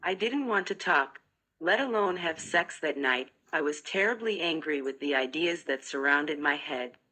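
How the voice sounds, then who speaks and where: A narrator, a woman, reads a first-person audiobook steadily and in a measured way. Her low voice still sounds bright and forceful.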